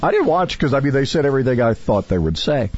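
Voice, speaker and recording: Rambling radio talk host, husky voice. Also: male voice, mid-range voice, sing-song, fast talker, darkish tone, muffled recording, soft background music. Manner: rambling, self-interrupting, chatty with many fillers. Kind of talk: casual talk radio chat.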